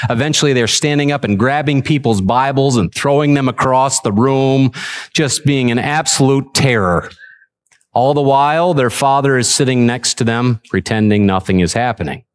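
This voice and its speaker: A man preaching a sermon in a church service, earnest, repeating himself, and turning lively as he makes his points. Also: medium pitch. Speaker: pastor.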